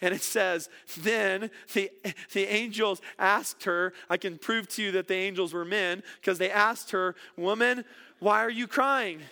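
High-voiced slow-preaching man. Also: fairly even intonation, vocal fry, pushed and bright. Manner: earnest, repeats words for emphasis. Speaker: pastor. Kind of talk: sermon.

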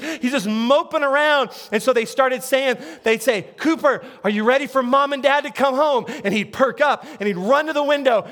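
Male pastor, sermon; very high voice, playful, talks straight to the congregation. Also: a bit bright. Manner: playful, chatty, keeps checking in with the audience; repeats words and restarts often.

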